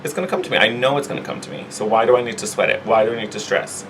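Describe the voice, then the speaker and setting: A man acting out a confident, unhurried queen who calmly expects good things to come to her. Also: mid-range voice, a little hiss or hum, natural voice, low-quality recording. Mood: serene. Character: confident regal queen, female, unhurried and self-assured.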